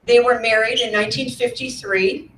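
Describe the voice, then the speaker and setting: A woman in her sixties, a guest speaker at a lecture, telling her family's history in a measured, earnest storytelling manner while showing slides. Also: fairly high pitch, steady tone, a bit bright, slight background noise. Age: 60s. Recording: echoey room, mic at a distance.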